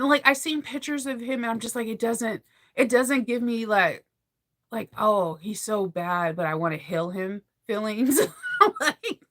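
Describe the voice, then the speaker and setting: A woman, likely in her thirties, chatting casually to her followers in an animated, gushing way and laughing often. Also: mid-range voice. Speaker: vlogger. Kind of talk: casual chat to camera.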